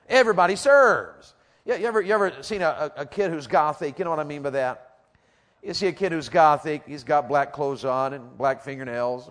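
Male preacher, middle-aged; fast, raised-pitch, lively sermon full of call-outs. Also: long reverb tail. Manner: animated storytelling, acts out voices, rhetorical questions.

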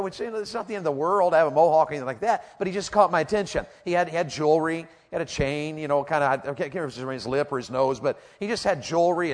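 Man, middle-aged preacher, quick delivery, slightly high voice, animated storytelling. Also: long reverb tail. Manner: animated storytelling, acts out voices, rhetorical questions. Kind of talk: lively sermon with audience call-outs.

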